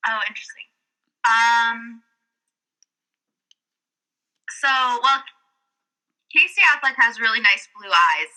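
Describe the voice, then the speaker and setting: A woman's voice: on the high side, lively intonation, takes it slowly, long pauses, bright, forceful tone, rough recording. A woman joining a podcast as a guest, chatting casually and sometimes hesitating. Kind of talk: casual chat.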